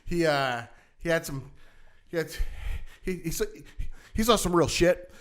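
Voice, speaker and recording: A man co-hosting a casual show-review chat, rambling and halting with many fillers and restarts. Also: a little high, animated. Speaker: podcast co-host.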